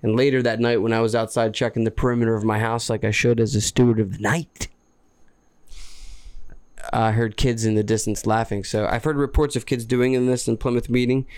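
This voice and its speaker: A middle-aged man hosting a podcast, telling a story in an easygoing, chatty way. His pitch sits in the middle, and the sound is dry, with no room echo. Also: level tone, brisk, darkish tone, clean tone. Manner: easygoing storyteller, chuckles often. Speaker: podcast host. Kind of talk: casual storytelling chat.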